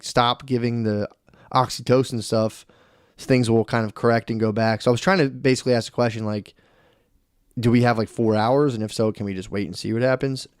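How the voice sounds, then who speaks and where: A man in his thirties co-hosting a casual podcast, telling a long story in an animated way, peppered with swearing and "dude". His voice sits at an ordinary pitch. The sound is close and dry, with no room echo. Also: smooth. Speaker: podcast co-host. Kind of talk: casual chat.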